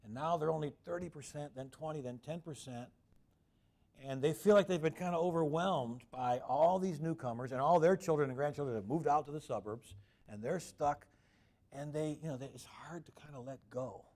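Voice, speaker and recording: A middle-aged man giving a public lecture, telling lively anecdotes and acting out the people he quotes. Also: on the high side, moderate pace.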